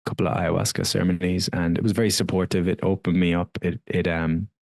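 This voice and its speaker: A deep-voiced man talks quickly and candidly, in the loose, filler-strewn way of a podcast guest telling his own story. His voice sounds dry and close, with no room around it. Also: flat delivery, gravelly, a little mellow, no room sound. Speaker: wellness coach guest. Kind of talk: casual podcast conversation.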